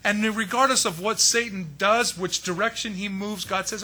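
Fields: Sex: man. Role: pastor. Style: emphatic sermon, bright voice. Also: high voice, normal speed, hardly any pauses, slightly rough. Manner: emphatic, with rhetorical questions and exasperated asides.

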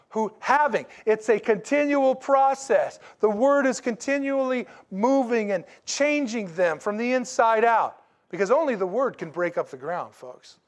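A man preaching a sermon in a folksy, animated way, with asides to the congregation. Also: high-pitched. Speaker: pastor.

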